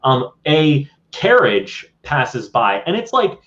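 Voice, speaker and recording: A man's voice: on the high side, sing-song, takes it slowly, a bit bright. A man narrating as game master in a tabletop game, in a casual, rambling way. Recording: dull lo-fi audio.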